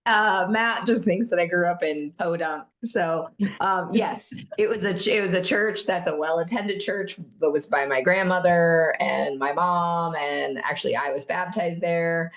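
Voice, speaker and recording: A woman's voice: on the low side, unhurried, few pauses, a bit bright. A woman from the US Midwest co-hosting a podcast, teasing her partner in dry casual chat. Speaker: podcast co-host.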